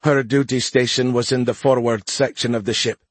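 Frightened young female alien cadet, tense and higher-pitched, man voicing, dry close audio. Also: steady tone, moderate pace, slightly rough, dry recording, close to an everyday voice. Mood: anxious.

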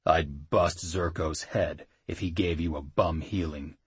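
A gruff half-orc warrior, worn down and growling low, voiced by a man reading an audiobook. The voice sits very deep with a husky edge, and the sound is close and dry. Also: fairly even intonation, unhurried, no echo, heavily acted. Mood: weary, gruff. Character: gruff male half-orc rider, weary comrade.

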